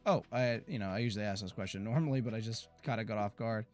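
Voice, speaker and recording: An American man streaming a farming game, chatting casually to his viewers and often stumbling over his words before breaking into excited outbursts. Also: fairly low pitch, fast talker, faint music behind. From United States. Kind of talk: casual gameplay commentary to chat.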